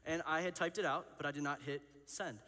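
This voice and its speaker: A man in his thirties preaches to students in a rapid, rambling stream. His voice sits a little high, and he keeps laughing at himself between the fillers. His words ring out through a long hall reverb. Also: fairly even intonation, sharp tone. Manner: candid, self-deprecating, chatty with many fillers. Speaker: student pastor. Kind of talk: youth sermon with personal storytelling.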